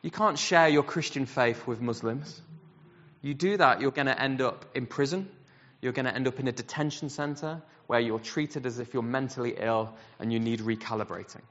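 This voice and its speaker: A man preaching a sermon, telling a story in an animated way and acting out the voices he quotes. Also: medium pitch, moderate pace. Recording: dull sound with long hall reverb.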